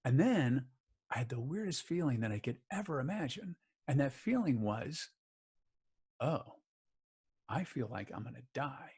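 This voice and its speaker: A man's voice: medium pitch, big pitch swings, a little slow, long pauses, a little mellow, slightly rough. A middle-aged man telling a personal story in an interview, acting out the other people's lines as he goes. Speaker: guest, author and voice actor.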